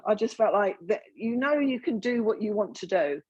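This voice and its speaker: A woman giving a spiritualist mediumship reading in a halting, earnest way full of fillers and restarts. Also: mid-range voice, expressive, darkish tone, husky, highs cut off.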